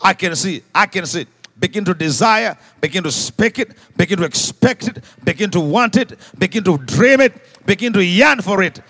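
A man preaching a sermon to a live congregation, leading call-and-response and swinging from quiet asides to shouted exhortations. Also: sits high, expressive, moderate pace. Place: church service before a congregation.

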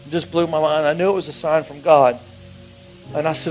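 A man preaching a sermon, telling a personal story with emotion, his voice dropping to a hush and rising again. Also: fairly high pitch, flat delivery, brisk, long pauses, faint music behind, rough recording. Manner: emotional storytelling, swings from hushed to raised.

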